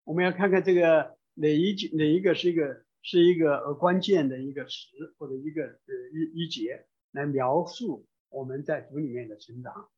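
Brief: male church interpreter, husky voice, a bit high, lo-fi sound. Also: brisk. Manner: fluent, with frequent hesitation fillers. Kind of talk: live sermon interpretation. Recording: dull lo-fi sound.

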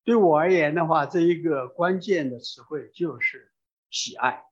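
Brief: male church interpreter, husky voice, a bit high, lo-fi sound. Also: normal speed. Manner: fluent, with frequent hesitation fillers. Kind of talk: live sermon interpretation. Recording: dull lo-fi sound.

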